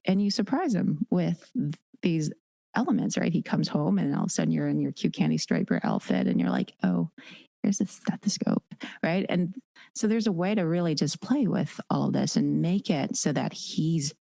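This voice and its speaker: A woman with a deep, gravelly and warm voice talks as an interview guest. She is animated and keeps slipping into quoted voices. The room sounds dry and close. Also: normal speed, dry recording. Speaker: dominatrix and educator guest. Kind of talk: casual podcast interview.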